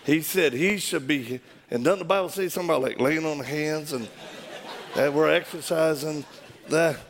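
A man telling a personal story in an animated way, acting out the quoted voices and laughing as he goes. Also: a little high, normal speed, a faint crowd.

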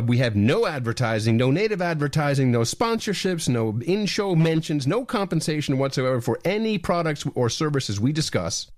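A man co-hosting a talk podcast in casual chat, emphatic and animated, often repeating words as he gets going. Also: mid-range voice, no echo, studio quality. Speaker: podcast co-host.

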